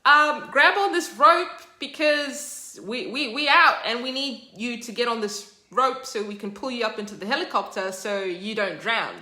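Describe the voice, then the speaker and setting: A woman voicing a helicopter crew urgently calling down to someone below. The voice is high and loud, and the room echoes. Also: moderate pace, few pauses.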